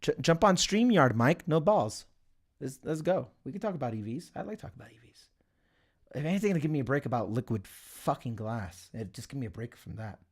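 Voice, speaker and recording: A man's voice: mid-range voice, sing-song, brisk, breathy edge. A young man hosting a casual livestream, rambling, swearing and chatting to viewers. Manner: rambling, swears, laughs often. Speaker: livestream host. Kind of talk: casual livestream chat reading the chat.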